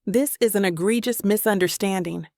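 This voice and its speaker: A woman's voice: mid-range voice, normal speed, a little mellow, no echo, clean studio sound, lightly acted. A woman voicing a grumpy male professor from an audiobook romance, speaking in a subdued, pleading way. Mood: apologetic.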